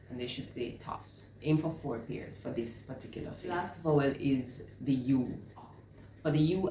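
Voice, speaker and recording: A woman host teaching reading, explaining step by step and drawing out and repeating each sound she models. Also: deep voice. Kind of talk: instructional explanation. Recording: echoey room with faint noise.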